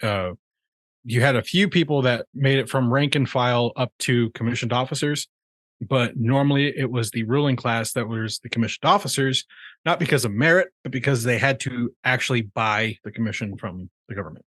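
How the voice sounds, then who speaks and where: A man's voice: mid-range voice, moderate pace, fairly bright tone, no room sound. A man co-hosting a movie review podcast, casually explaining a history tidbit. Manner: chatty, shares trivia. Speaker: podcast co-host.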